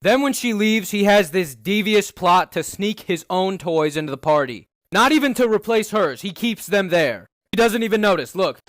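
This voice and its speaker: High-voiced guy ranting sarcastic, cusses a ton, dry close mic. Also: expressive, moderate pace, few pauses, no echo. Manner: sarcastic, swears a lot, gets loud. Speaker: comedy commentator. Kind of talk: profane ranting commentary.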